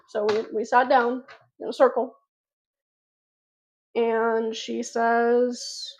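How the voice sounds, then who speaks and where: A woman's voice: a little high, little pitch movement, slow, pauses often, darkish tone, highs cut off. A woman vlogger telling a personal story to her viewers in a casual, rambling way, full of fillers and restarts.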